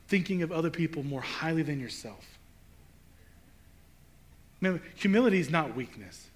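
A male pastor preaching a sermon in a conversational, emphatic way, building to rhetorical questions. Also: fairly high pitch.

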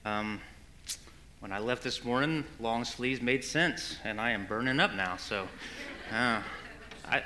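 Lively, bright-voiced preacher man. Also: lowish voice, slight background noise. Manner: earnest, folksy storytelling with repeated starts. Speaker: pastor. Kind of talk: conversational sermon.

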